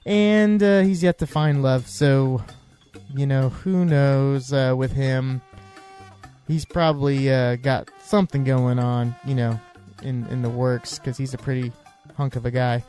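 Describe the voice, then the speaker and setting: A man's voice: medium pitch, fairly even intonation, measured pace, warm tone, soft background music. A man hosting a casual recap chat, rambling and joking with many fillers and restarts. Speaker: podcast host.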